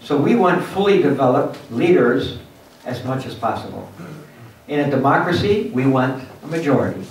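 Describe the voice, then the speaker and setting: A man giving a lively motivational lecture at a symposium, acting out little scenes for his audience. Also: mid-range voice, normal speed, a little hiss or hum. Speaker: guest speaker at a symposium. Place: university lecture hall. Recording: echoey hall from far off.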